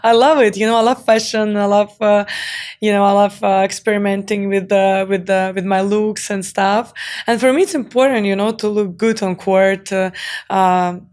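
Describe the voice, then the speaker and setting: A young woman speaks with a smooth, clear tone that stays fairly level in pitch. She answers earnestly and openly, working through her thoughts with frequent fillers as an interview guest. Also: steady tone, moderate pace, a little mellow. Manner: earnest, open, many fillers. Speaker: guest, tennis champion. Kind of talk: podcast interview.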